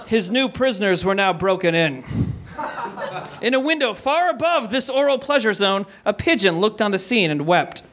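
A man's voice: high voice, animated, normal speed, noisy background. A man comedian reading a mock-dramatic story on a comedy theater stage, breaking off for sheepish asides. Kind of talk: comic reading to a live audience.

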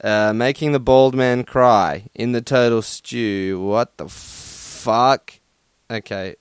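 A man's voice: medium pitch, fairly even intonation, takes it slowly, clean tone, dry recording. A young man hosting a casual solo podcast from his room at home, swearing often, laughing and using lots of fillers while sunburnt and hot. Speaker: podcast host.

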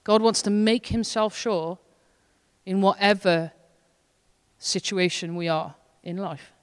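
Speaking slowly in a mid-range voice, this associate pastor from Wales delivers her sermon in a relaxed, sincere, conversational style. Her intensity swells and recedes as she goes, and the church hall adds a long, lingering reverb.

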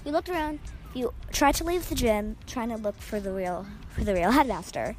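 A woman's voice: fairly high pitch, moderate pace. A woman casually reading a second-person fan story aloud, rambling and correcting herself as she goes. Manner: rambling, self-correcting, breezy.

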